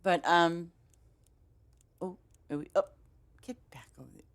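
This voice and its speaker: Female game streamer, Boston accent, deep-pitched, chatty and rambling, laughs easily. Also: a little slow. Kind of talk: casual chat with stream viewers.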